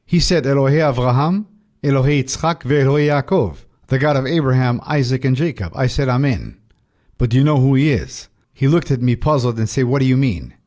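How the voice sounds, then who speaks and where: A man's voice: mid-range voice, lively intonation, fairly quick, a little mellow. Male preacher, rabbi, ministry update, reading verses aloud. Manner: preaching, reads scripture aloud. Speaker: Messianic rabbi.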